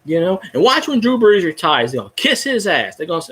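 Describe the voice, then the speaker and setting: A man's voice: high voice, sing-song, a little fast, fairly bright tone, slightly rough. Fired-up, foul-mouthed man ranting. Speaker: fan video host. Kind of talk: casual ranting fan chat.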